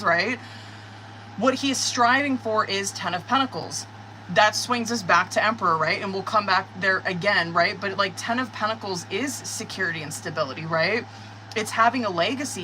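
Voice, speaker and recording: A woman doing a live-stream tarot reading, talking straight to her viewers in an excitable, profane, chatty way. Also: mid-range voice, a little hiss or hum, poor audio. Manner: excitable, cursing, talks to viewers. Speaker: tarot reader.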